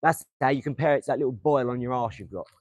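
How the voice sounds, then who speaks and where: Speaking quickly in a mid-range voice, a young Englishman with an Essex accent rambles, swears and throws darts as he chats with viewers on a casual motivational livestream. The low-quality recording carries slight background noise.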